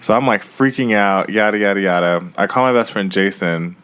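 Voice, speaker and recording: A young man co-hosting a podcast, telling a story in a casual, animated way. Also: fairly quick, smooth. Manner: animated storyteller, mimics others in a high voice. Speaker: podcast co-host.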